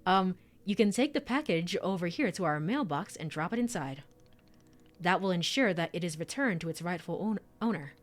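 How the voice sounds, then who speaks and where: A woman reading a soft-spoken gentle tea keeper. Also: fairly low pitch, lively intonation, moderate pace, lightly acted. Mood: explaining. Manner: soft, formal and soothing. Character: gentle polite male tea shop keeper. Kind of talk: reading game dialogue aloud.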